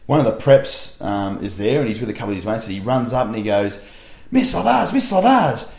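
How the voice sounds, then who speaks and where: On a chatty podcast, a young Aussie primary school teacher with a low-leaning voice rushes through a meandering, lively story packed with filler words. The room sounds echoey.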